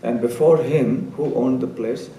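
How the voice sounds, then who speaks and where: A man voicing a lazy, mocking wandering holy man who explains things in a calm, amused tone. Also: unhurried, close to an everyday voice. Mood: teasing. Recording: roomy distant hall sound, faint rumble.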